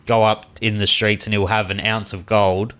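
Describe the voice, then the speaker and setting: A young man hosting a podcast, asking relaxed questions that ramble a little. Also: lowish voice, normal speed, smooth. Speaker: podcast host. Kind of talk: casual interview.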